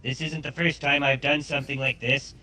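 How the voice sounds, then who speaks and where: A man's voice: medium pitch, level tone, fairly quick, pushed and bright, low-quality recording. A synthetic male voice playing a cocky outlaw gunslinger in a Southern American accent, boastful and swaggering.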